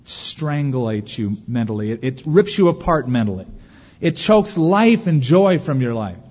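A man preaching a sermon as pastor, lively, acting out the anxious voices of worriers. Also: mid-range voice, moderate pace, slightly rough. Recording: dull lo-fi recording with long hall reverb.

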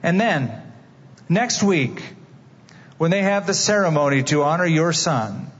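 A man's voice: on the high side, expressive, measured pace. A man preaching a sermon as a dramatic story, asking his listeners direct questions. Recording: dull, reverberant hall.

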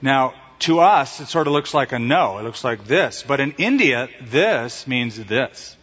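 A man preaching a sermon as a pastor, telling stories in an animated way and acting out the voices he quotes, recorded in a church sanctuary. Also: medium pitch, unhurried, breathy edge. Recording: reverberant hall, dull lo-fi sound.

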